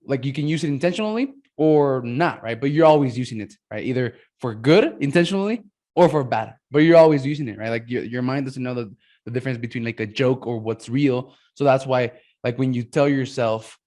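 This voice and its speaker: A man's voice: mid-range voice, brisk, a little mellow. A man hosting a podcast, talking enthusiastically and tagging his points with "man" and "right?". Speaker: podcast host. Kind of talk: casual interview talk.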